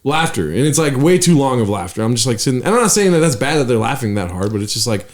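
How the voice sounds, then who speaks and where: This podcast co-host, also a stand-up comic, speaks with medium pitch and a quick pace as he recounts a story casually. His telling is animated and sweary, loose with fillers and sentences that trail away.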